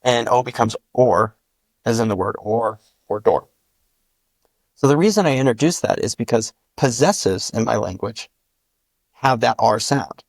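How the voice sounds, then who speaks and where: Gravelly man explaining language sounds. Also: mid-range voice, animated, unhurried, no room sound. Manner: methodical, spells out sounds with examples. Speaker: linguist guest explaining his constructed language. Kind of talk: patient step-by-step explanation.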